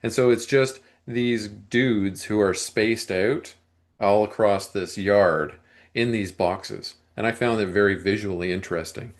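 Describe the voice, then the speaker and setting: A man with a fairly low voice talks through a film plot in a casual podcast chat. He rambles, restarts sentences and often clears his throat. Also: measured pace. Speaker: movie review podcast co-host. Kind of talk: casual movie discussion.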